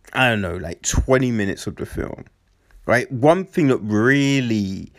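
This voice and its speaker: A man giving a rambling, excitable film review, swearing freely and packing his talk with fillers. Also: mid-range voice. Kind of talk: casual spoken film review.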